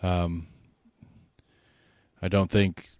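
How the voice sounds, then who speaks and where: Low-voiced man rambling through politics. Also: level tone, extremely slow, no echo. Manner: rambling, opinionated, thinks out loud. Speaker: podcast host. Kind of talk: solo political commentary.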